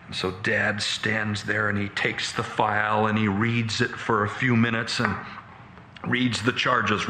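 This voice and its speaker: A man preaching, telling a dramatic story with animated, halting retelling, in an echoey room. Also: on the low side, slight background noise. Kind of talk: sermon storytelling.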